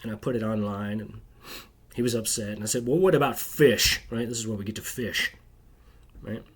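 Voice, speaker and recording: A man's voice: lowish voice, level tone, brisk, slightly rough. A man telling a rambling, bitter personal story to camera, agitated and constantly tagging his sentences with "right?". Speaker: video creator.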